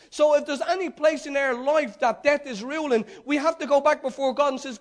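A man's voice: extremely high pitch, normal speed. A male preacher giving a sermon, retelling a story with emphatic repetition and direct questions to the congregation.

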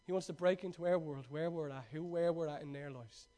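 High-voiced, fervent male preacher. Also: brisk. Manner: swings from excited, laughing storytelling to hushed, urgent exhortation. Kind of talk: sermon.

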